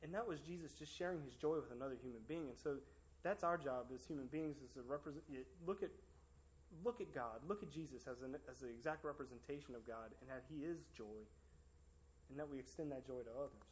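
A man's voice: mid-range voice, fairly quick. A man giving a sermon in a church service, in a casual, conversational way full of fillers and restarts. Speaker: preacher.

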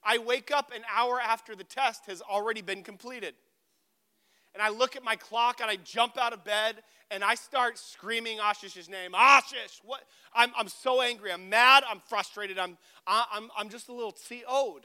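A man's voice: high-pitched, fairly even intonation, moderate pace, pushed and bright, clear, resonant tone. A young adult man preaching a sermon as pastor, telling a funny personal story with acted-out dialogue. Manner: storytelling with self-deprecating humor and acted dialogue.

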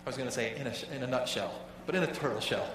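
A male pastor preaching a sermon to his congregation in a casual, halting way, often repeating words as he goes. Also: medium pitch, background noise. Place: church sanctuary. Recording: echoey hall, voice from far off.

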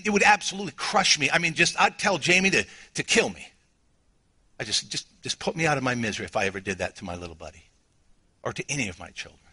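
A middle-aged man with a Southern US accent preaching a sermon as pastor, emotional, swinging from quiet, low passages to near shouting. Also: husky.

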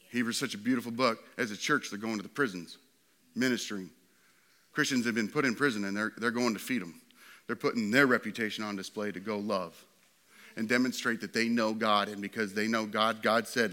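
A pastor preaching a sermon to his church, swinging from loud and excited to quiet and hushed. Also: medium pitch.

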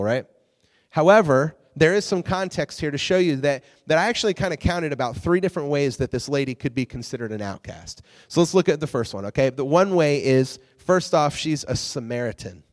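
A man casually teaching a Bible story as a preacher, animated and chatty, often restarting and checking in with his listeners. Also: fairly high pitch. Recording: long reverb in a large hall.

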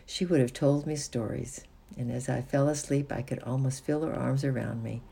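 A gravelly, husky storybook reader. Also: medium pitch, steady tone, moderate pace, warm tone. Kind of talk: storybook reading.

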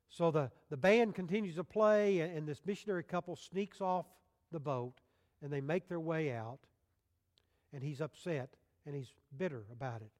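A male pastor delivering a sermon, booming out scripture quotes and then dropping to soft, low appeals to his listeners. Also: animated, moderate pace. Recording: long hall reverb.

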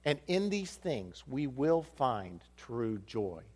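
A man's voice: mid-range voice, takes it slowly, husky. A man preaching a storytelling sermon in a church, acting out the voices of the people in his story. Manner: animated, acts out dialogue with shifting voices. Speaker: pastor.

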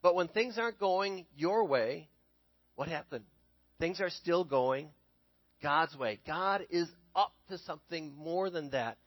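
A man's voice: fairly high pitch, lively intonation, a little slow, no room sound, rough recording. A young man preaching a casual sermon, retelling a Bible story to listeners in a conversational way and often checking in with "okay?".

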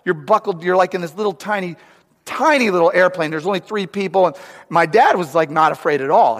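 A man with a fairly high voice delivers a sermon. His words ring out with a long reverb, as in a large church hall. He tells stories with urgency, then drops to a hushed, prayerful tone. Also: brisk. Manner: storytelling, swings from loud urgent preaching to hushed prayer. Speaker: pastor.

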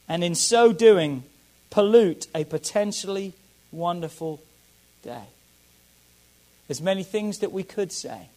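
A man preaching a sermon as a pastor, emphatic and repeating key phrases, swinging between loud declarations and soft asides. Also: high-pitched, low-quality recording.

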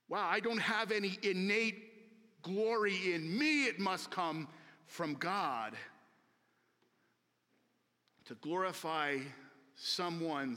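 A man, a pastor, preaching a sermon slowly and earnestly with emphatic repetition, in a church sanctuary. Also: high-pitched, sharp tone. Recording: long reverb of a large hall.

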